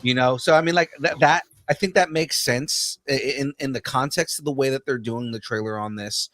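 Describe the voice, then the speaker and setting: A man co-hosting a casual pop-culture podcast, enthusiastic but halting, with frequent fillers and restarts. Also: mid-range voice, a bit bright, no room sound, studio quality, soft background music. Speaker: podcast co-host.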